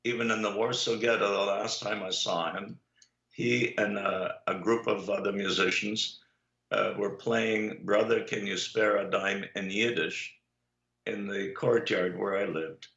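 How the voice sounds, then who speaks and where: An older man with a low, gravelly voice tells long anecdotes at an unhurried pace, stopping often on "uh". The recording sounds echoey and dull, like a lo-fi room capture. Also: steady tone, a bit bright. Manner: unhurried anecdotal storyteller, many "uh" pauses. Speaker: guest, Holocaust survivor. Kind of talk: storytelling in an interview.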